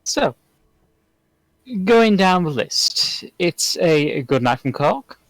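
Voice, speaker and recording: A game master closes out a live tabletop game stream and runs through awards and sign-offs. The voice moves up and down a lot, and the sound is dry and close. The pitch sits in the middle. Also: very animated, slow pace, no room sound.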